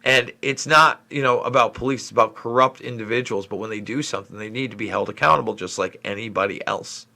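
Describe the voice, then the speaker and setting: A man's voice: on the low side, fast, vocal fry, hardly any pauses, pushed and bright. A middle-aged man from New York State hosting a live question-and-answer stream, talking in a frustrated, rambling way as he answers viewers' comments. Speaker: livestream host. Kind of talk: live Q&A stream reading chat.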